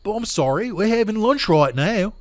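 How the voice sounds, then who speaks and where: Man putting on a high, sing-song Australian video game gal, chirpy and over the top. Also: lively intonation, normal speed. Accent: put-on Australian. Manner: shrill, sing-song, exaggerated. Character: chirpy young Australian woman NPC. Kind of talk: comic video game voice impression.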